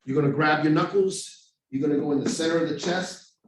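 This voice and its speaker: Male trainer, lively casual delivery, distant mic in a very reverberant room. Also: fairly high pitch, brisk, slight background noise. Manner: animated storytelling with acted street voices. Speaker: overdose prevention trainer. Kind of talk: live training talk. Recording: very echoey room, far from mic.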